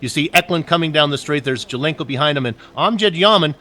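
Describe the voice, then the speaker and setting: Joking, bright-voiced race color commentator. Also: male voice, on the high side, animated, fast talker. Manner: joking, chatty, with fillers and asides. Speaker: sim racing color commentator.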